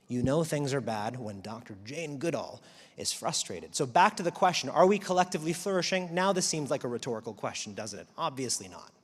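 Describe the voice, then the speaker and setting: A man giving a live talk to an audience, animated, wry and emphatic. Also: medium pitch, fairly quick, slightly rough. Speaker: speaker. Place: large auditorium. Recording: long hall reverb.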